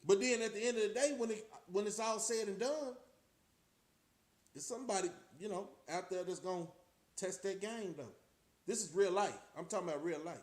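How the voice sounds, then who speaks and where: A man's voice: high voice, a little fast, a little mellow. A middle-aged man with a Texas accent talks casually to camera as a vlogger, preaching in a streetwise way and firing off rhetorical questions. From Austin, Texas. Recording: roomy echo.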